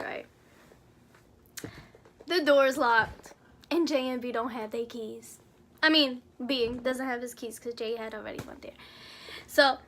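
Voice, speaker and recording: Brief: young woman vlogger, high voice, lively slangy storyteller. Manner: animated, slangy storytelling, acts out quotes. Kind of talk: casual storytime.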